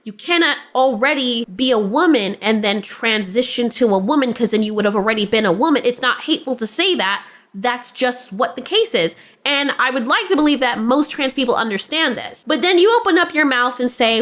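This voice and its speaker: A woman's voice: fairly high pitch, expressive, brisk, fairly bright tone. A woman giving blunt, sarcastic commentary, often laughing as she talks. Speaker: commentary host. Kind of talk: opinionated commentary.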